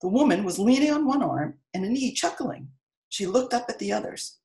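Middle-aged woman author, expressive read-aloud host, lively pitch. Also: brisk, rough recording. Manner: expressive, animated reading. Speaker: author reading her book aloud. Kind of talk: read-aloud storytelling and live-stream chat.

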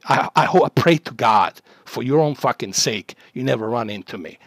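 A man's voice: mid-range voice, expressive, normal speed, fairly bright tone, slightly rough. A man from Bosnia, a livestreamer, delivering an aggressive, profane rant at a chat troll.

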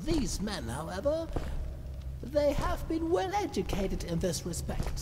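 An actor playing a smug, menacing middle-aged villain who talks down to others in a condescending, theatrical way. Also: male voice, very high-pitched, sing-song, unhurried, noisy background, full character voice. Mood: mocking. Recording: game audio with reverb and music.

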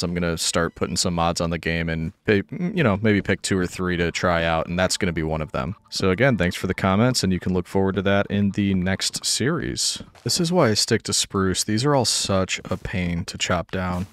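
A man narrating his gameplay casually with dry, wry humor, talking to the animals as he goes. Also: sits low. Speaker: gaming YouTuber.

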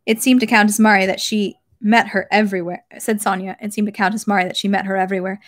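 A woman reading a classic novel aloud at home, steady, with occasional self-corrections. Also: mid-range voice, fast talker, few pauses. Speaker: reader of a novel. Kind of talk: read-aloud narration.

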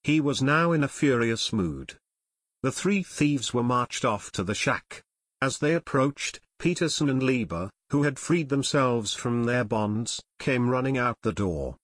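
A man narrating an audiobook in a steady storytelling manner, recorded close on a studio mic. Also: medium pitch, unhurried, no room sound. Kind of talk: scripted narration.

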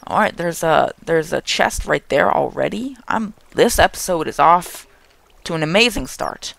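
Young guy doing let's play commentary, gravelly voice, goofy and excitable, talks back to the mobs. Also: on the high side, moderate pace. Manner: excitable, jokey, talks to game monsters. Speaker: gaming channel host.

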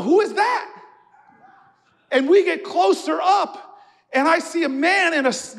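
A man giving a preacher-style keynote speech in a church, telling a story that builds to shouted, rhythmic refrains. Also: extremely high pitch, creaky. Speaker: keynote speaker. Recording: reverberant church hall.

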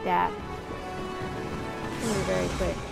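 A woman giving casual, playful gameplay commentary and taunting her opponents out loud. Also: lowish voice, monotone, drawn-out words, vocal fry, over loud music. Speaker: gamer.

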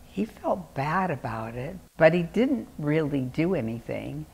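An older woman reading a children's story aloud with expressive, animated delivery. Her voice sits low but moves a lot in pitch, and she takes her time. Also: unhurried, gravelly, breathy edge.

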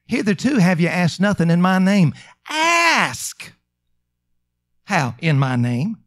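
High-voiced emphatic male preacher. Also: animated. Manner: emphatic preaching, drawn-out slow phrases and rising calls. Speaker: pastor. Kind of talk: sermon.

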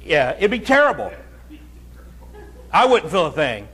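A man with a fairly high voice delivers a homespun sermon. He talks plainly and chattily with his congregation, then presses his points with rising force. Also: wildly swooping pitch, a little slow, fairly bright tone. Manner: folksy, chatty preaching that builds to emphatic, raised stretches. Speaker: pastor. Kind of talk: conversational sermon.

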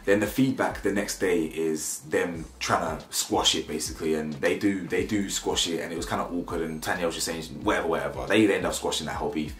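Young man, low voice, slang-heavy opinionated recap, roomy echo. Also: a little fast, few pauses, slight background noise. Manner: animated slang-heavy banter, mocking impressions. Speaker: reality show reviewer.

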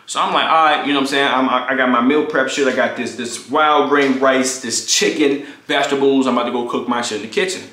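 A young man casually telling a profane, animated story about his college roommate, acting out what people said. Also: fast, few pauses, reverberant. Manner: animated, profane, acts out quotes in high voices. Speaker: storytime vlogger.

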